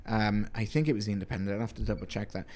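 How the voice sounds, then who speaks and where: A man's voice: lowish voice, steady tone, very fast, darkish tone. Chatty joking man co-hosting. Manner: chatty, joking asides, frequent restarts. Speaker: podcast co-host. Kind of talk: casual news chat.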